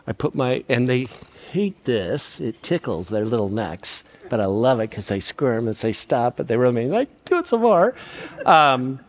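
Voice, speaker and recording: Animated older man preaching. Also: medium pitch, moderate pace. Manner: animated, shifts between loud emphasis and soft hushed lines; sappy, self-deprecating. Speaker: guest speaker on parenting. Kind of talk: sermon.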